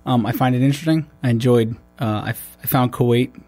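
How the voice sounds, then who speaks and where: A man's voice: mid-range voice, fast, mellow, no room sound, soft background music. A man, a military veteran, talking in a loose, rambling way with many restarts and fillers. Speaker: podcast host. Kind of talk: casual conversation.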